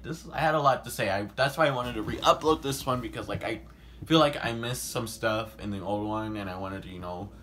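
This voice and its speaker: Young male vlogger, storytime delivery, bright tone, swearing, lots of filler words. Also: lowish voice, a little hiss or hum. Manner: animated, swears often, heavy "like" filler, sudden loud outbursts. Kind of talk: casual storytime monologue.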